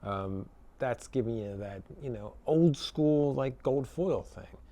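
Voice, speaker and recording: A man who builds guitars, casually demoing one in a relaxed, chatty way with lots of fillers and tag questions, electric guitar playing between his remarks. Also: mid-range voice, slow pace. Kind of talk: casual product demo talk.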